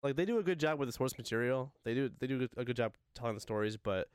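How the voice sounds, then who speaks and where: A man's voice: medium pitch, lively intonation, fast talker, clean tone, dry recording, studio quality. A man in a casual podcast chat, laid-back and hesitant.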